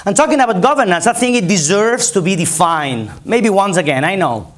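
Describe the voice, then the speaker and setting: Spanish-accented male keynote speaker, higher voice, emphatic and repetitive. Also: animated, fairly quick, fairly bright tone. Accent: Spanish, from Barcelona. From Spain. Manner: emphatic, repetitive, rallying the audience. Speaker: conference speaker. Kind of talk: conference keynote presentation. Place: conference hall.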